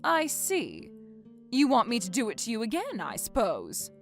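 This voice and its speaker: A woman's voice: on the high side, huge pitch swings, normal speed, soft background music. A woman playing a bossy, scornful older mother-in-law who nags and orders people around. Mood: scolding. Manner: nagging, domineering.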